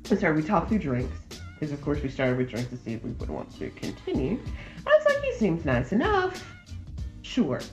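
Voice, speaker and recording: A woman on a podcast telling a dating story in a casual, lively way, acting out both sides of the conversation. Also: deep voice, brisk, roomy sound, soft background music. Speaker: podcast guest.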